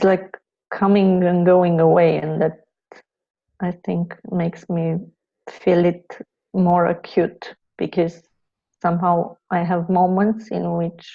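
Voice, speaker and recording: Slow hesitant woman on a dull line. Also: on the low side, vocal fry, warm tone. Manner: hesitant, halting, searching for words. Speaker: caller receiving a reading.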